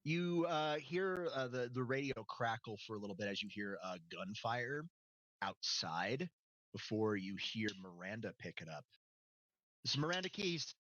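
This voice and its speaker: A man running a tabletop game over a dull, lo-fi mic, his pitch swinging widely. His voice is bright and dry, and he narrates scenes with quick energy. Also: dry recording. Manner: lively, swearing, laughs often. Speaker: game master.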